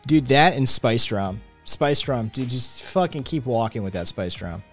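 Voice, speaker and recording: A man hosting a casual livestream, reading chat messages aloud and answering them with loud, profane, animated opinions. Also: medium pitch, measured pace, faint music behind. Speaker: podcast host reading live chat.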